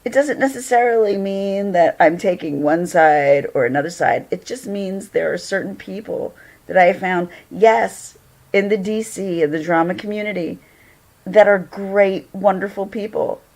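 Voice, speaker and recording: A woman's voice: mid-range voice, normal speed, darkish tone. Chatty woman hosting a livestream. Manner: chatty, greets viewers, laughs often. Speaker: livestream host. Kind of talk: casual livestream chat.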